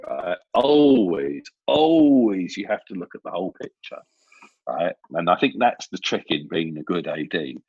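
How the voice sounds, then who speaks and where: A man spins a casual film-set story, slipping into the voices of the people he quotes. His low voice is husky and comes through dull, dry and lo-fi. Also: normal speed, no echo. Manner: lively storyteller who acts out quoted voices. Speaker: film assistant director guest. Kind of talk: casual anecdote telling.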